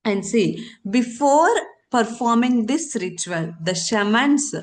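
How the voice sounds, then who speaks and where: A woman's voice: fairly high pitch, expressive, slow. A woman teaching a current affairs lesson for exam candidates, repeating key terms and answering her own questions.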